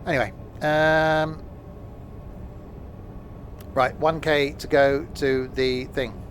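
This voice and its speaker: A man's voice: on the high side, flat delivery, drawn-out words, a little hiss or hum. A man streaming a train simulator, rambling and self-mocking, with many fillers. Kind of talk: live gameplay commentary.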